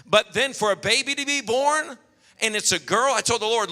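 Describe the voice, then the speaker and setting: A man preaching a sermon, telling animated stories and acting out quotes. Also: very high voice, normal speed. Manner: storytelling, animated, acts out quotes. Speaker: pastor. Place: church hall. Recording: long hall reverb.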